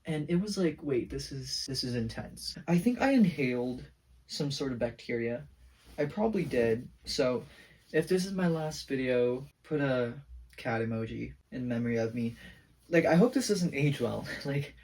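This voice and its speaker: A man's voice: medium pitch, lively intonation, normal speed, a little mellow, far from the mic. A teenage boy venting in a casual rambling vlog, saying "like" constantly. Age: teens. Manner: rambling, heavy use of "like", venting. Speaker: vlogger.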